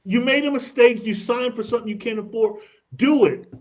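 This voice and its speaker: On a radio interview, a male credit expert guest explains emphatically, shares anecdotes, and keeps repeating "look at this." He speaks fairly quickly in a very high-pitched voice, and the recording sounds dull.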